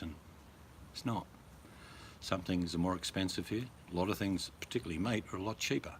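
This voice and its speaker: Man, Australian accent, middle-aged, low-pitched, blunt, joking, rambling. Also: brisk, pauses often, a little hiss or hum. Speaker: vlogger. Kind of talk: casual to-camera chat.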